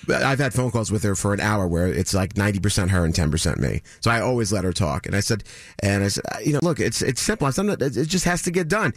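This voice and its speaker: A man in his thirties telling a story on a morning radio show, animated and mimicking other people in a higher voice. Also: quick pace, no room sound, studio quality. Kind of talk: casual chat, telling a story.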